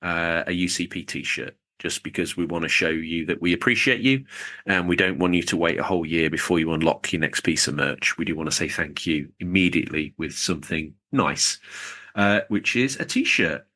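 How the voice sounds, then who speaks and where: A podcast co-host with a deep, pushed and bright voice talks at a normal pace. The chat is casual, jokey and rambling as he reads out the show's supporters.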